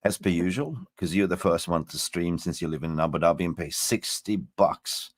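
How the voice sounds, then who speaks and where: A man guesting on a fan stream, casual and animated, swearing freely, tired after just waking up. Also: low-pitched, moderate pace, no echo. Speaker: guest fan content creator.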